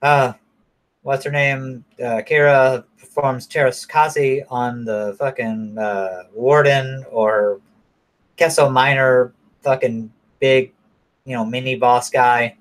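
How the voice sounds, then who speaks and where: A man's voice: mid-range voice, steady tone, takes it slowly. A man casually recapping a movie in a rambling, profane way, full of fillers and restarts. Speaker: movie reviewer.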